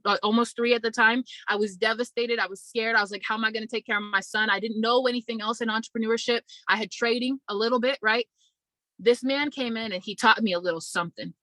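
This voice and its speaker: Young woman host, bright and chatty, giving a testimonial in a dry room. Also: on the high side, no echo, low-quality recording. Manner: chatty, testimonial, addresses viewers as y'all. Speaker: online business community host. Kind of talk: casual motivational talk to viewers.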